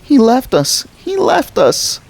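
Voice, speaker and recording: A man's voice: extremely high pitch, wildly swooping pitch, takes it slowly, creaky, a little hiss or hum, pitched above the performer's own voice, exaggerated voice. A man voicing a frightened little girl who screams and wails in panic in a storybook reading. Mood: panicked.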